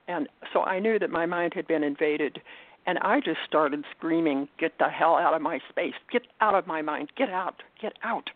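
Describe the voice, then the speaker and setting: A woman's voice: deep voice, gravelly, no room sound. Older woman telling her story by phone. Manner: earnest, halting, with repeated restarts. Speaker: guest. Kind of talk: personal testimony in a phone interview. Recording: tinny phone line, dry.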